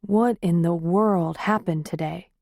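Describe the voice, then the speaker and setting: A woman voicing a gentle, caring man who speaks softly and soothingly to his upset girlfriend in an audiobook. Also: on the low side, vocal fry, dry recording, studio quality. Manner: soft, soothing, unhurried.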